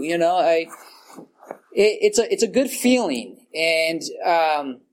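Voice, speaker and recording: In a meeting room before a group, a man with a high, slightly mellow voice shares his personal story at a recovery meeting at normal speed. He rambles casually, leaning hard on "like" and "you know," swearing freely, and often laughing at himself.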